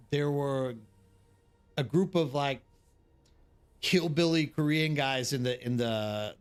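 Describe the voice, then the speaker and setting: A man's voice: medium pitch, fairly bright tone. A man hosting a live stream, telling rambling anecdotes to his chat with lots of fillers and restarts. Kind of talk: casual chat with viewers. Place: living abroad in South Korea.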